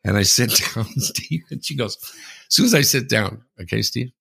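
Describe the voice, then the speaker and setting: Gravelly, animated man telling a story. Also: moderate pace. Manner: animated storyteller, keeps saying the host's name, mimics others in a high voice. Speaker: podcast co-host. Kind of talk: casual sports podcast chat.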